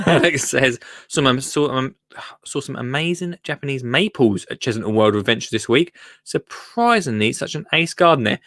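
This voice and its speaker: A man's voice: medium pitch, sharp tone, no echo, clean studio sound. A man hosting a live gardening show, chatting casually in a rambling, jokey way and often breaking off mid-sentence. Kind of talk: casual live-stream chat.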